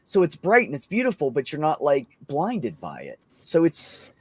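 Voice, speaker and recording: A man chatting casually on a podcast, telling excited stories and swearing often. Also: on the high side, moderate pace, husky. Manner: excited storytelling, frequent swearing. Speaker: podcast host. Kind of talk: casual chat.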